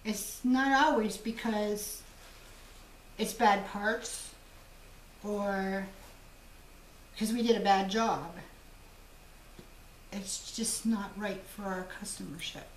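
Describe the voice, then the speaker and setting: Speaking slowly with long pauses at a medium pitch, a woman hosts her jewelry-making channel, chatting and telling stories to viewers with easy laughter. She's a jewelry designer recording in an echoey room of her home shop, the mic set at a distance, with a faint hiss or hum.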